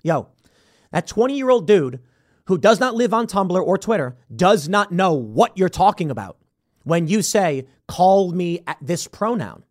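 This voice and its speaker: A man hosting a political commentary show, talking in an animated, sarcastic, combative way. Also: high voice, unhurried. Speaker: host.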